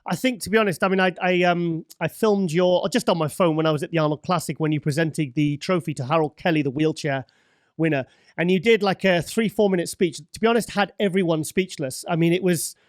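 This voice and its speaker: High-voiced male host, dry sound. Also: fairly quick, no echo. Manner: rambling, repetitive, apologetic. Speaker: show host. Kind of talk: casual interview.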